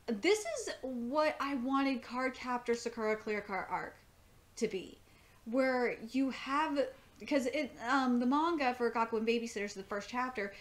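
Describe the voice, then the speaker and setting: A woman giving live reaction commentary on an anime episode, rambling and enthusiastic with lots of fillers and restarts. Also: on the high side.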